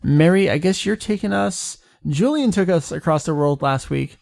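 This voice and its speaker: Man, podcast co-host, fairly high voice, relaxed casual chat. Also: moderate pace, creaky, no echo. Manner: relaxed, chatty, frequent "uh" and laughs.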